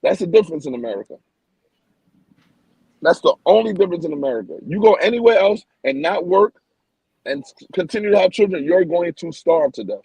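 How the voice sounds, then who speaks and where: Husky, gravelly man ranting emphatically. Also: fairly high pitch, expressive, fairly quick, a little mellow, no echo, poor audio. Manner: emphatic and opinionated, repeats himself, stumbles over words. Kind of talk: casual podcast chat.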